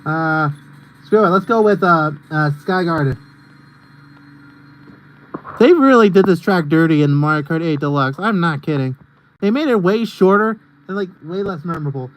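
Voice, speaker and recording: High-voiced young man ranting while gaming. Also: lively intonation, moderate pace, long pauses, rough recording. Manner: rambling and ranty, heavy on fillers. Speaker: game streamer. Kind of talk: casual live-stream gameplay commentary.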